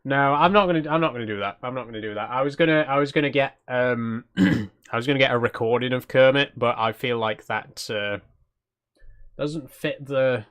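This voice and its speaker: A man's voice: medium pitch, normal speed, a bit bright, smooth. A man hosting a cozy game livestream in a casual, chatty way, laughing as he reads out chat suggestions and trailing off into self-deprecating asides. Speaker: streamer host.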